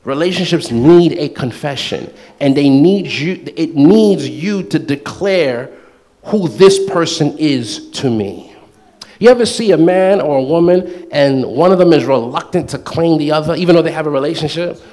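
Male preacher, high voice, lively and playful in delivery. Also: normal speed. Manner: animated, playful, acts out quoted voices with laughter. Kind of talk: sermon.

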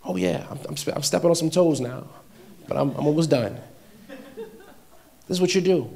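A man preaching a sermon to a congregation, emphatic and repetitive, swinging between quiet, intimate lines and loud declarations. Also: on the high side, normal speed, vocal fry.

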